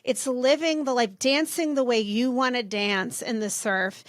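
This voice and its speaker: High, dry-voiced effusive woman host. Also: steady tone, a little slow, no room sound. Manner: effusive, gushing praise. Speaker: podcast host and therapist. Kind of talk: casual interview chat.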